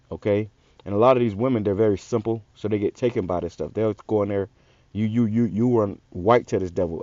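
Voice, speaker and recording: Male street preacher, fast and profane, heated, dry lo-fi audio. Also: fairly low pitch, a little mellow, dry recording. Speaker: religious channel host. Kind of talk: ranting street sermon.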